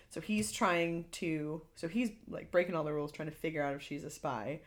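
A woman co-hosting a podcast, chatting casually about movies with lots of fillers and quick retellings. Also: fairly low pitch. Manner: chatty, lots of "like", acts out quotes. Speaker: podcast co-host. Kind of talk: casual chat.

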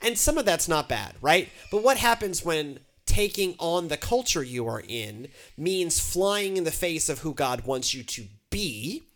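A woman from Texas, a pastor co-hosting a podcast, talking in a chatty, animated way with many fillers and restarts. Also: low voice, a little slow, hardly any pauses. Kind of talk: casual chat.

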